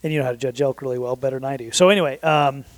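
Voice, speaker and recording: A man's voice: mid-range voice, rapid-fire, dry recording. Rambling, chatty man in his thirties. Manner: rambling, self-correcting, frequent fillers. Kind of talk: casual storytelling. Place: southern Utah.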